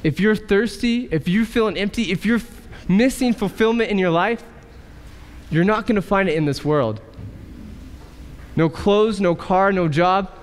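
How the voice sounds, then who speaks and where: Preaching pastor with a smooth voice in a reverberant church. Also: male voice, high-pitched. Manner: preaching with rhetorical questions and dramatic pauses. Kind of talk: sermon. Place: church sanctuary.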